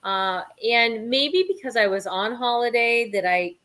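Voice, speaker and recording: A woman hosting a casual chat, eager and quick to laugh, with plenty of ums. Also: a little high, a bit bright. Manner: enthusiastic, laughs often, many fillers. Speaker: host.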